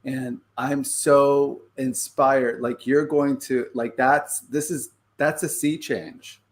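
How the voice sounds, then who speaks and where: A man's voice: mid-range voice, fairly even intonation, takes it slowly. A man with a New York accent, a guest on a video-call podcast, earnest and emotional as he talks. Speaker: guest, actor. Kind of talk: casual chat.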